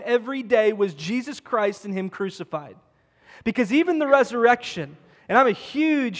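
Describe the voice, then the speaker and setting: A man preaching a sermon as pastor, emphatic and conversational, repeating words for stress. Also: very high voice. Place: church sanctuary. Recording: long church-hall reverb.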